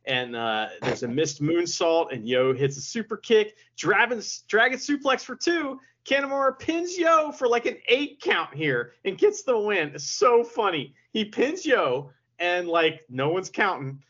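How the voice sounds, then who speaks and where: Lively wry man recapping matches, lo-fi. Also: high voice. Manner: wry, laughs at the action, quick recap. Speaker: podcast co-host. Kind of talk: casual wrestling podcast recap. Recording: dull lo-fi audio.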